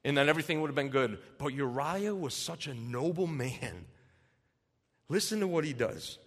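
A man's voice: fairly high pitch, animated, moderate pace. Man preaching in a reverberant hall. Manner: earnest, reads scripture then explains in casual terms. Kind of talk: sermon with scripture reading. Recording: long reverb in a large hall.

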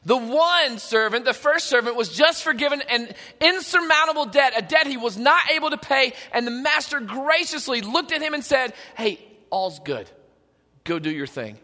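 A male pastor with a very high, bright voice delivers a sermon. He is emphatic and swings between loud and hushed, and a long hall reverb rings through the sanctuary. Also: normal speed, hardly any pauses.

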